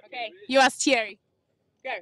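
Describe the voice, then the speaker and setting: A woman's voice: sits high, steady tone, normal speed, fairly bright tone, no room sound. A woman hosting playful, casual interviews with sailing crews outdoors on a marina dock, laughing often. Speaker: sailing reporter, host.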